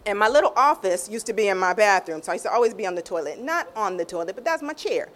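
A woman with a mid-range voice shares a heartfelt personal testimony, acting out what people said in a raised, lively voice. She shifts to a near-hush when she turns tender. Her delivery is vivid and earnest. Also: medium pitch, fast. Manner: animated storytelling, acts out quotes in raised tones. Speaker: guest sharing a testimony.

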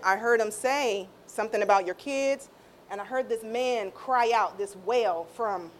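Woman, mid-range voice, emotional testimony, animated, acts out quotes, hushed at tender moments. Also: medium pitch. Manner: animated storytelling, acts out quotes in raised tones. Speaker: guest sharing a testimony.

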